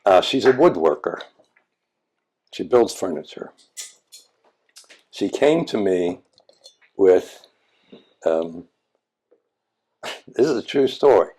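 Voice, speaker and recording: Older male meditation teacher, low voice, candid and blunt, reflective talk. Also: big pitch swings, slow pace, pauses often, a little mellow, slightly rough. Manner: frank, blunt, occasionally profane, repeats words when restarting. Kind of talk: reflective conversational storytelling.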